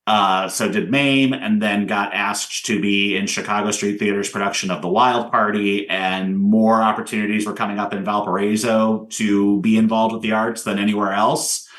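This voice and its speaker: A man's voice: on the low side, flat delivery, normal speed, hardly any pauses, fairly bright tone. A man from Indiana, a theater director, talking casually about his career as an interview guest, rambling with many fillers.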